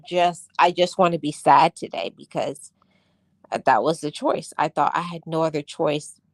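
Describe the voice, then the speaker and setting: A woman's voice: deep voice, no room sound. A woman co-hosting a podcast, speaking candidly and earnestly about healing, in a casual chat. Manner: earnest, candid, acts out her inner voice. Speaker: podcast co-host.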